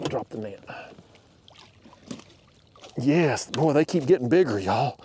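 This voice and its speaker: Excitable man fishing from a boat. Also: mid-range voice, unhurried, pauses often, slight background noise. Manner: excitable, folksy, talks to viewers. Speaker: fishing vlogger. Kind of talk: casual narration while fishing. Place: on a small boat outdoors.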